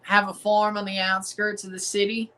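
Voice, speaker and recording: A man's voice: sits high, monotone, normal speed, pushed and bright, poor audio. A man with a Southern US accent, hosting a match watchalong livestream in a casual, rambling, defiant way, often repeating himself. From American South.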